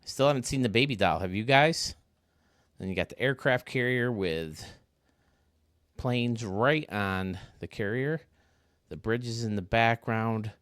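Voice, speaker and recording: A man's voice: medium pitch, unhurried, dry recording, clean studio sound. A man giving casual, chatty gameplay commentary, talking to his viewers as he tours a built stadium. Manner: chatty, excitable, talks to viewers. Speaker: video game stadium reviewer.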